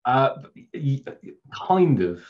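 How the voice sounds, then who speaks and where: His medium-pitched voice turns sing-song, with words drawn out, as this middle-aged English Scrum trainer with an English accent presents casually over a video call. He chats, laughs frequently, jokes at his own expense and uses many fillers. The lo-fi webcast audio is slightly dull.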